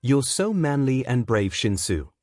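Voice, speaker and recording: A man's voice: medium pitch, very animated, measured pace, a little mellow, no room sound. A man voicing an upbeat, friendly teenage boy who talks in an enthusiastic buddy tone while reading a story. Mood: hyped.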